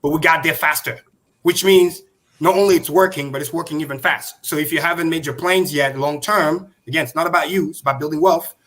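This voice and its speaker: Bright emphatic guy hosting a crypto stream, repeats stuff slow. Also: on the high side. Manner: emphatic, repeats points slowly. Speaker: host. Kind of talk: livestream crypto talk.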